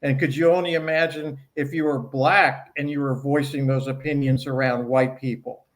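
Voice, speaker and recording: A man speaking as a guest professor in an interview, explaining his points in a measured, academic way. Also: mid-range voice, steady tone. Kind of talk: conversational interview.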